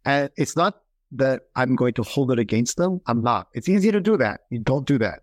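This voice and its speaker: A man talking as a podcast guest, animated and storytelling, acting out quoted voices as he explains. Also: mid-range voice, moderate pace, dry recording. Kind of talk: conversational interview.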